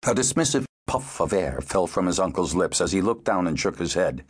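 A man narrating an audiobook in a measured, expressive storytelling manner. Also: sits low, slightly rough.

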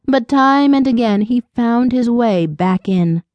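A woman's voice: fairly high pitch, animated, unhurried, no room sound, dull audio. Woman reading an audiobook, dry and close. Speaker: audiobook narrator. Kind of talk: scripted audiobook narration.

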